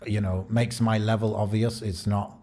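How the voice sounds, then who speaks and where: A man's voice: fairly low pitch, little pitch movement, moderate pace, dark tone. A man with a British accent chatting casually on a podcast, rambling and thinking aloud with many fillers. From Britain. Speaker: podcast co-host.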